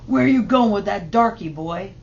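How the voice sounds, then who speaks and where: A woman's voice: medium pitch, expressive, normal speed, creaky, darkish tone. A woman reading a storybook aloud, voicing hostile male soldiers who bark and jeer. The recording sounds slightly dull, with faint hiss. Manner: barking, jeering.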